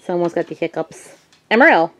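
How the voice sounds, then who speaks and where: Woman with a lively, singing voice. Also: fairly low pitch, a little fast, background noise. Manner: sing-song praise and firm short commands to a dog. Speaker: vlogger training her service dog. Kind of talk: casual vlog talk and dog commands.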